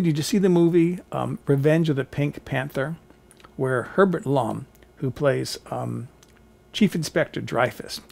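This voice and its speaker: A man vlogging from his home kitchen, telling a college theater anecdote in an animated, theatrical way. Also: medium pitch, gravelly. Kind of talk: casual storytelling to camera. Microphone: camera on a tripod.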